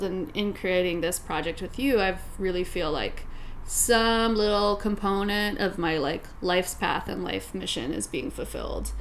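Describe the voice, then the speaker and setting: A woman hosting a casual chat, speaking in an earnest, reflective way and thinking out loud. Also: on the low side, a little hiss or hum. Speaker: host.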